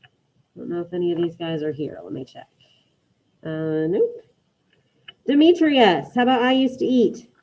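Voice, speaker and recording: A woman's voice: lowish voice, big pitch swings, measured pace, pauses often, dull audio. A woman teaching an online Spanish class, encouraging her students and calling on them by name.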